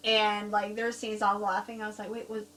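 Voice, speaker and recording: A woman co-hosting a casual horror-film review, telling stories in a giggly, animated way. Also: medium pitch, quick pace, a little hiss or hum, low-quality recording. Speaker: co-host reviewing horror films. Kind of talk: casual chat.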